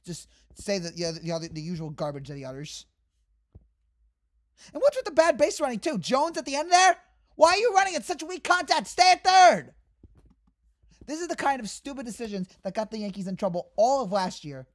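A woman's voice: mid-range voice, darkish tone. A woman hosting a sports fan channel, delivering an exasperated, heated rant to the camera.

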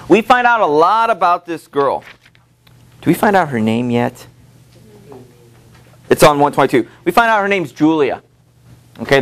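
A middle-aged male teacher gives a lecture to his class in a loose, conversational style. He leans on fillers and keeps checking in with the students. When he reads quotes aloud, his voice jumps up in pitch. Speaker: high school literature teacher.

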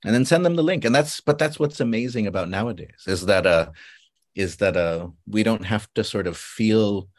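Low male host from Guam, rambling and reflective, video call chat. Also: moderate pace. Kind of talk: casual panel chat.

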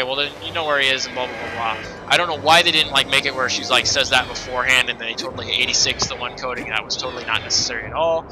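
A man's voice: medium pitch, poor audio. A man giving casual let's play commentary, rambling and correcting himself as he chats. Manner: rambling, self-correcting, chatty.

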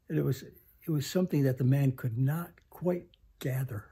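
A man in his nineties telling a story slowly, halting with many pauses and restarts. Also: medium pitch, gravelly, warm tone, husky. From United States. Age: 90s. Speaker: interview guest. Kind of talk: reflective storytelling. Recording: home interview.

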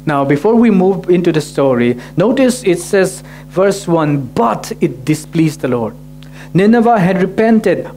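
A man's voice: a little high, expressive, a little slow, darkish tone, faint music behind. A man preaching a sermon as pastor, restating each point and checking in with listeners by asking "right?". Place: church in Tokyo.

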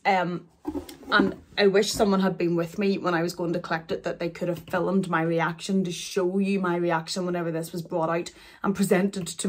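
A woman, chatting through an unboxing in a halting, emotional way, with many restarts. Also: fairly low pitch. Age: 40s. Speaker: luxury vlogger.

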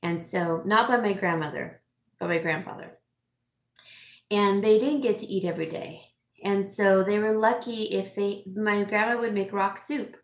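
A woman's voice: medium pitch, moderate pace. A middle-aged woman vlogger chatting with her viewers, emotional and teary, with frequent fillers and laughs. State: teary, sniffling. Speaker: home stager and vlogger. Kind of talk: casual chat reading viewer comments. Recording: echoey room.

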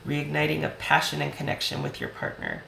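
Hoarse, gravelly woman reading tarot. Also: deep voice, huge pitch swings, fairly quick, bright, forceful tone, roomy sound, slight background noise, low-quality recording. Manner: chatty, reassuring, talks straight to the viewer. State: voice going hoarse. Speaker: tarot reader.

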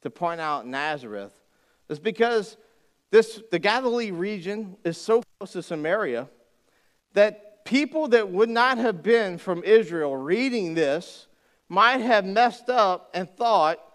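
A man preaching a sermon as pastor, folksy and joking, with animated storytelling. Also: high voice, unhurried.

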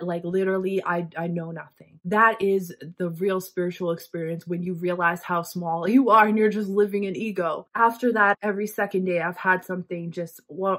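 A woman's voice: mid-range voice, a bit bright. A woman astrologer talking earnestly and emotionally in a personal vlog about her spiritual experiences. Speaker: astrologer and vlogger.

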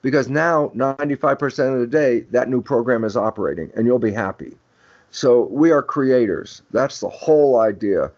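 A man's voice: medium pitch, lively intonation, normal speed, darkish tone. An older man, a guest expert on a podcast, explaining his ideas in an emphatic lecturing way and acting out quoted dialogue. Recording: dull lo-fi audio.

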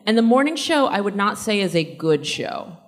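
A woman's voice: mid-range voice, big pitch swings, moderate pace. A woman answering fan questions at a convention panel in a casual, rambling way, laughing often. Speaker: panel guest actor.

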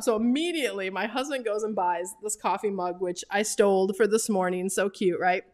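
A woman in her forties telling a story casually to camera, animated and laughing often, with many fillers. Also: mid-range voice, fairly quick, hardly any pauses. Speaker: travel business vlogger.

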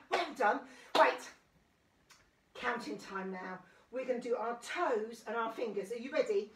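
A woman's voice: on the high side, animated, measured pace, recorded from a distance. A woman singing nursery songs and leading actions for small children, calling out encouragement between the verses. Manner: sing-song, encouraging, calls out instructions between songs. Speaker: children's sing-along leader. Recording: roomy sound from away from the mic.

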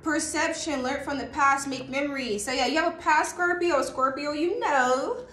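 A woman reading tarot in a casual, excitable way, laughing often and breaking into bits of song. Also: high voice, normal speed, echoey room, slight background noise. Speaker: tarot reader.

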